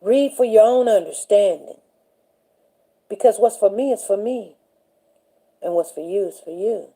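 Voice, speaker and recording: A woman hosting a casual faith chat on a livestream, animated and chatty, laughing often and greeting viewers by name. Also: mid-range voice, a little slow. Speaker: livestream show host.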